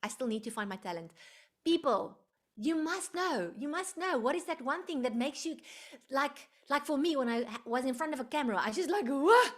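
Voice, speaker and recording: A woman hosting a live online workshop, expressive and emotional, slipping into prayer like a preacher. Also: high-pitched, a little fast. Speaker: workshop host.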